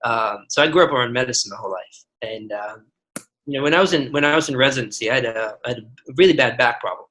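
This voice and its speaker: An earnest man in his forties talks through his own stories as a podcast guest. His voice is bright and forward, and he often restarts his sentences as he works toward his point. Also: medium pitch, quick pace, low-quality recording. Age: 40s. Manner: earnest, storytelling with many restarts. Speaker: guest physician. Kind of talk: podcast interview.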